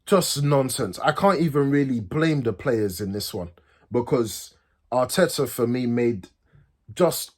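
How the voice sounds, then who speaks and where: A man, a football fan host, ranting furiously, swearing and repeating himself, his voice swinging from high outbursts to low mutters. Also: husky. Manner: pitch swings from loud highs to low mutters. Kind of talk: angry fan rant.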